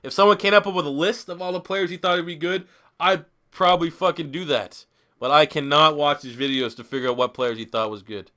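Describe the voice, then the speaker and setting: A man in his twenties streams a football video game as a gaming YouTuber, slightly tipsy on beer and giving rambling, profane, joking commentary. His voice is on the high side, sharp and steady in tone, and a little fast.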